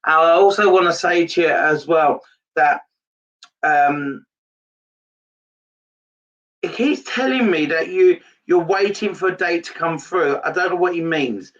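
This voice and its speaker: A psychic medium giving a live-streamed reading to viewers, halting, repeating his phrases and turning emotional. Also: on the high side, fairly bright tone, distant mic, lo-fi sound.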